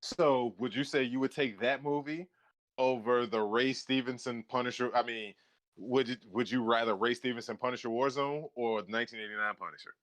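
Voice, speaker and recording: A man's voice: medium pitch, fairly quick, fairly bright tone. A man casually chatting about movies on a podcast, wry and jokey, swearing freely. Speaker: podcast co-host.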